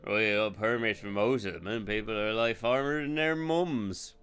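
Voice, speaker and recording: A man's voice: lowish voice, moderate pace, a bit bright, clear, resonant tone. A man streaming a video game, rambling, joking and swearing freely as he plays. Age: adult. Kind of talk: live gameplay commentary.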